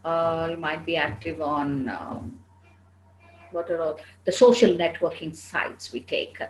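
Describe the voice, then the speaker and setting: A woman's voice: low voice, unhurried. Firm Indian woman trainer, roomy sound. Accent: Indian English. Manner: firm, instructive, addresses students as dear. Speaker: soft skills trainer. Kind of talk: classroom Q&A lecture. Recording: roomy echo, faint background noise.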